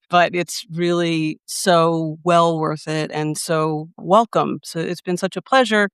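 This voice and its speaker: Smooth-voiced upbeat woman hosting a podcast. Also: fairly low pitch, fairly even intonation, measured pace, few pauses, no room sound, studio quality. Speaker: podcast host. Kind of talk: podcast interview.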